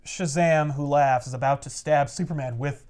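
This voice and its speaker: A man recapping a comic book in casual chat, with animated storytelling and frequent laughs. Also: fairly high pitch, normal speed, clean tone.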